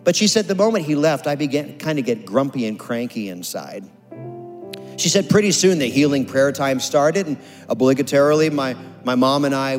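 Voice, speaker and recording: A man tells a testimony from the stage, earnest and dramatic, slipping into the voices of the people he quotes. His words ring out through a large hall's long reverb, with faint music playing underneath. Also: mid-range voice. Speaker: preacher telling a testimony. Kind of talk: sermon storytelling.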